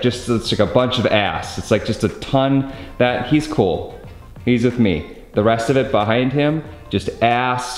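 A young man chatting casually in a vlog, rambling and frank with a lot of swearing and an exasperated edge. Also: mid-range voice. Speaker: gaming YouTuber. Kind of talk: casual vlog house tour then game talk.

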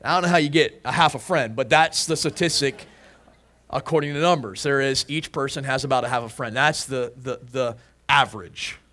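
A pastor preaching a sermon, emphatic, repeating phrases and restarting words. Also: male voice, mid-range voice, moderate pace, sharp tone.

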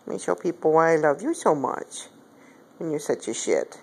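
A woman at home, filming on her phone and talking in coaxing, affectionate pet talk to her cat, her voice swooping up high. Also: animated, moderate pace, vocal fry, darkish tone, slight background noise. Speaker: pet owner. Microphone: phone camera.

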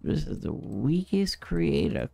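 Man, gamer, excitable, profane, talks to himself, lively bouncy pitch, slightly high voice, small room. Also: takes it slowly, vocal fry, faint music behind. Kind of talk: casual gameplay commentary. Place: small hot room at his computer.

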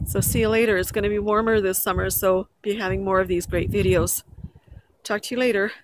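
Fairly quick and fairly even in intonation, a woman's medium-pitched voice comes from a vlogger walking and jogging in a park beside a river bridge. Slightly out of breath, she talks casually to her handheld camera, rambling and correcting herself, with noisy outdoor sound.

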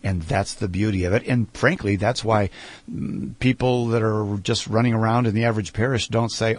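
This middle-aged man's lowish, steady voice tells a heartfelt faith story during an interview. He speaks earnestly and slows down to stress key points, and the recording has no room sound.

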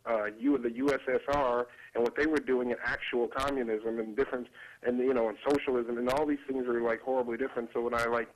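A man's voice: mid-range voice, little pitch movement, fast, rough recording. A man joins a TV studio discussion as a guest. He speaks loosely and animatedly, with uhs and likes, and laughs between his points.

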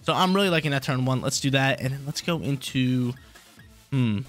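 A man casually calling the play-by-play of his own online battle, excitable and slangy, often repeating his lines. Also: mid-range voice, moderate pace, faint music behind. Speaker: game commentator.

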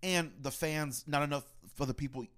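A man's voice: a little high, fairly even intonation, normal speed, a bit bright. A man co-hosting a casual podcast, laid-back and slangy, swearing now and then. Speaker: podcast co-host.

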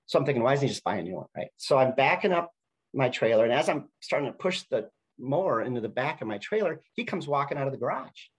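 A man's voice: medium pitch, sing-song, quick pace, slightly rough, poor audio. A middle-aged man giving a conversational storytelling talk, with frequent restarts. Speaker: speaker at a university talk.

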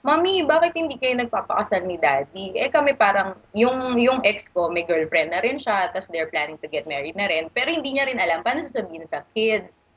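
A woman's voice: medium pitch, expressive, fast talker, a bit bright, breathy edge, highs cut off. A Filipino woman in her thirties, calling in to ask for advice and switching between Tagalog and English as she explains her situation. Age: 30s. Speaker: caller. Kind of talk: casual call-in chat.

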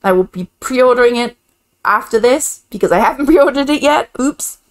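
Chatty woman reacting to a game, high voice, gets excited and laughs a lot. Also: normal speed. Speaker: gaming channel host. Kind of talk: casual game reaction commentary.

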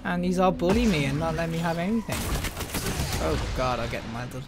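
A young man giving excitable live commentary over his own gameplay, yelping and laughing when things go wrong. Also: on the high side, a little fast, music in the background. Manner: excitable, yelps and laughs at deaths. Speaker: gaming YouTuber.

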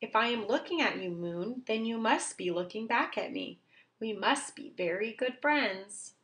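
A woman reading as a gentle simple owl. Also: on the high side, animated, measured pace. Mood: friendly. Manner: earnest, childlike storybook delivery. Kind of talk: storybook reading for children.

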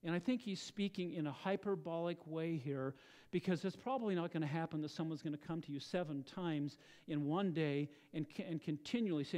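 High-voiced earnest male preacher. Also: fairly quick, darkish tone. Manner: earnest, rhetorical questions to the congregation. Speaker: pastor. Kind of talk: sermon. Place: church.

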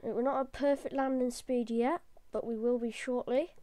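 A woman giving chatty, jokey let's play commentary, easily excited. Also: a little high, normal speed, dry recording. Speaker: gamer.

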